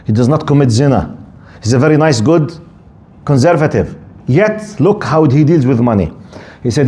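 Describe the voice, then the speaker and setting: Animated male preacher. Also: medium pitch, moderate pace. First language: Arabic. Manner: animated storyteller, mixes Arabic phrases into English. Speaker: Islamic scholar giving a tafsir lesson. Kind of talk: religious lesson with storytelling.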